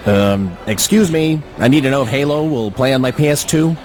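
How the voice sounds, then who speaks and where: An actor playing a confused male customer at a game store who pleads and then grows loud and indignant. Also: medium pitch, animated, a little fast, close to an everyday voice. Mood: pleading. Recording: clear music behind the dialogue.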